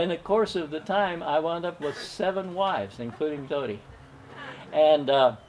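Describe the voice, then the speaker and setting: An older man telling a personal story at an open mic, gentle and folksy, chuckling now and then. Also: fairly high pitch, slight background noise.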